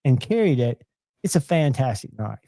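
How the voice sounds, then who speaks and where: A man's voice: mid-range voice, very animated, moderate pace, dark tone, no echo. A man, chatting casually and enthusiastically as host of a live knife show.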